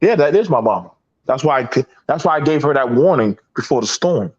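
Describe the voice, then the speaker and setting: A man's voice: mid-range voice, expressive, brisk, breathy edge, muffled recording. A man hosting a heated panel talk, telling emphatic, profane stories. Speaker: podcast host.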